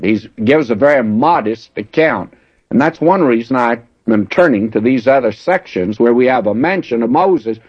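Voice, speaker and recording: A man's voice: mid-range voice, no echo. Folksy man teaching the Bible. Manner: folksy, conversational explaining. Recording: dull lo-fi dry recording.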